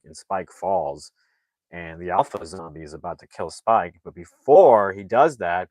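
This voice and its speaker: A man's voice: sits low, no echo, low-quality recording. A man recapping a movie plot in a casual, rambling way, full of "like" fillers and restarts. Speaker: movie reviewer.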